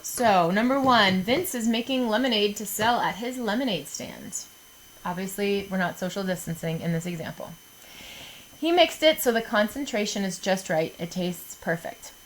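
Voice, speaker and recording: A woman's voice: mid-range voice, expressive, normal speed, slight background noise, rough recording. A woman chemistry teacher recording a lesson for her students, chatty and jokey, often checking in with "okay?".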